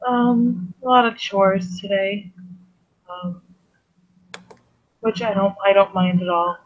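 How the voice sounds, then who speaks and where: A man with a high voice plays a bashful young woman who stumbles over her words, full of fillers and restarts. Her voice sits high. The recording is muffled and lo-fi. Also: steady tone. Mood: sheepish. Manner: hesitant, halting with fillers and laughs. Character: shy young woman, awkward, new to the place. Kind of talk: tabletop role-play in character.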